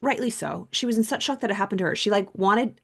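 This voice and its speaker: Podcast host, woman, casual monologue; earnest, filler-heavy delivery with a touch of vocal fry. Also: mid-range voice, quick pace. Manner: rambling, chatty, heavy use of "like"; earnest, reflective.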